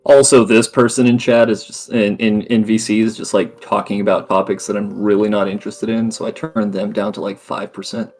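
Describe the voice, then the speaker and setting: A man's voice: on the low side, level tone, fairly quick, hardly any pauses, a little mellow, faint music behind. A man chatting casually on a voice call with fellow tabletop players, rambling and laughing at himself. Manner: rambling, laughs often, self-mocking.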